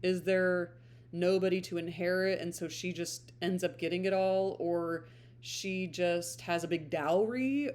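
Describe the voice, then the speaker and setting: A fairly low-pitched woman's voice comes through with slight background noise. She's a book reader and vlogger, chatting in a relaxed, reflective manner and searching for words as she goes.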